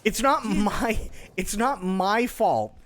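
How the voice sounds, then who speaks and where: A man's voice: sits high, slow, fairly bright tone. A young man streaming live, chatting casually and telling a joke in a playful way, laughing often and restarting his sentences. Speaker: livestreamer.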